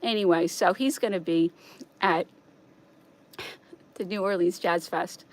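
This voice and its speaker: A woman's voice: medium pitch, unhurried, long pauses. Agitated woman ranting on a stream. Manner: agitated, repetitive, swings from loud to hushed. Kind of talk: rambling monologue stream.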